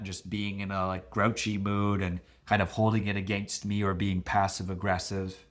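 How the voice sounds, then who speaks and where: A middle-aged man explaining relationship conflict as a coach, lively and expressive, often acting out what partners say. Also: moderate pace. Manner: animated, acts out quoted voices with big pitch jumps. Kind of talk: teaching talk to camera.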